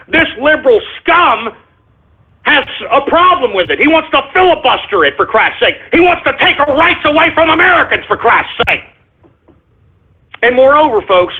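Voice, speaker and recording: A man hosting a talk radio show, delivering an angry, profane political rant. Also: sits high. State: furious. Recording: tinny phone-like lo-fi radio audio.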